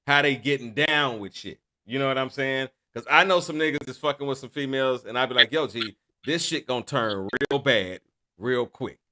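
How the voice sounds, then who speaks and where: A man hosting a podcast discussion, talking over others and pushing to be heard. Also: mid-range voice. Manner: interrupting, loud, urging calm. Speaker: podcast host. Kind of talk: heated casual debate.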